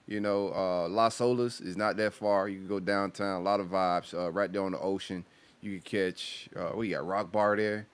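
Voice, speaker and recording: A man's voice: sits low, steady tone, moderate pace, clear, resonant tone. A man hosting a sports podcast, talking in a laid-back, slangy way about football and nightlife. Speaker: podcast host. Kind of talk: casual sports chat.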